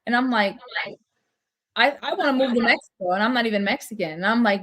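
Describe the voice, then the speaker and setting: A woman's voice: on the high side, quick pace, a bit bright. A woman co-hosting a casual talk podcast, chatty and prone to sarcastic asides. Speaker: podcast co-host. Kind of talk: casual chat.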